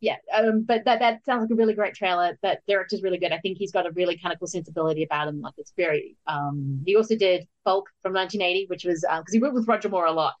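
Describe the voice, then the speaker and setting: A woman hosting a casual film podcast, chatty and quick to agree. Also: on the low side, lo-fi sound. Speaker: podcast host.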